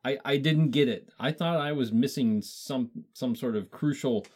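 A man's voice: medium pitch, moderate pace, darkish tone. A man co-hosting a casual chat, curious, repeating words as he asks questions. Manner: curious, stammering, laughs easily. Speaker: podcast co-host.

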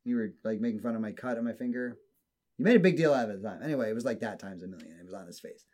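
A man's voice: lowish voice, racing. A man telling a long story in a casual chat, swearing freely and acting out what people said. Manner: profane, animated storyteller who acts out quotes.

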